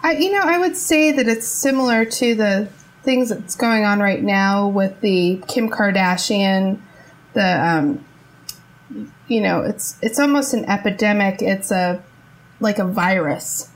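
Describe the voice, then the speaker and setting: A woman guest in a casual chat, playful and quick to laugh as she explains things. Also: medium pitch, low-quality recording. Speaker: guest, psychologist.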